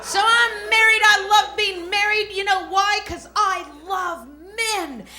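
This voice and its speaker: A woman's voice: very high-pitched, takes it slowly, pushed and bright. A married woman doing stand-up comedy, telling stories in a chatty, playful way. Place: comedy club stage before a live audience.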